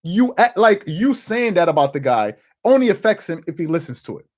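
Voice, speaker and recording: Animated man hosting a sports stream. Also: high voice, a little fast. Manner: animated, repeats words, answers live chat. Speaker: sports talk show host. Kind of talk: live-stream sports commentary.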